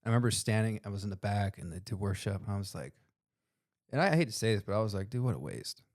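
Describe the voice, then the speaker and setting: An earnest man with a lowish voice, chatting on a faith-driven podcast. He keeps tossing in "dude" and "man" as he talks. The sound is dry and close to the mic. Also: fast, a little mellow, no echo. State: tearful while telling a story. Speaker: podcast co-host. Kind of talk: casual podcast conversation.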